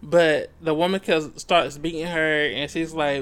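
A man's voice: a little high, little pitch movement, normal speed, hardly any pauses, fairly bright tone, smooth. Laid-back, swearing man recapping a book. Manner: loose and profane, laughs easily, acts out quotes. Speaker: book club podcast host. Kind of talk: casual chat recapping a novel.

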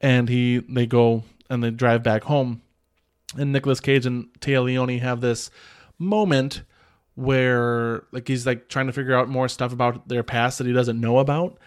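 A man with a medium-pitched, clean, steady voice talks at normal speed while hosting a podcast. He casually recaps a film, rambling with lots of filler "like"s and restarts, and chuckles often.

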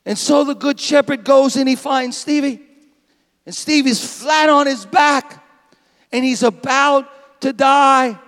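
A man preaching a sermon as pastor, dramatic and animated, now and then acting out a bleating sheep. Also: very high-pitched, measured pace, gravelly, long reverb tail. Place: church sanctuary.

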